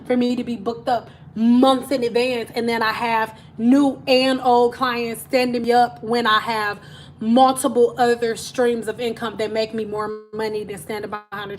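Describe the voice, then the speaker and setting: A woman's voice: fairly high pitch, fairly even intonation, normal speed, a little hiss or hum. A woman hairstylist telling stories in a chatty, slangy way on a casual live stream from home. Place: at home, TV in another room.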